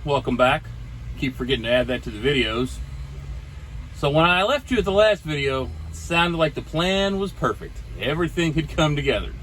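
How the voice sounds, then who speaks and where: A man's voice: on the high side, moderate pace, a little hiss or hum, poor audio. A man in his forties telling a casual vlog story from his truck, acting out the people he talked to. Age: 40s. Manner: animated storyteller acting out dialogue. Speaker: trucker vlogger.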